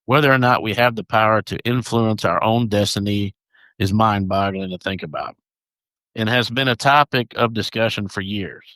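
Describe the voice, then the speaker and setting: A man's voice: on the low side, moderate pace, bright, forceful tone, no echo. A man co-hosting a podcast, chatting casually and reading notes aloud, stumbling over names. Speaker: podcast co-host.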